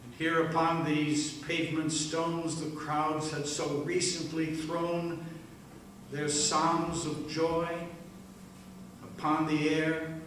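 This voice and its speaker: A man delivering a slow, solemn first-person dramatic monologue in a church service, with hushed pauses. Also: fairly high pitch, a little hiss or hum. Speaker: worship leader. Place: church sanctuary. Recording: echoey room, mic at a distance.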